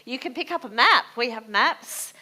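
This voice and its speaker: A woman moderating a live Q&A at a library event, making brisk, friendly announcements to the audience. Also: fairly high pitch, animated, sharp tone, rough recording.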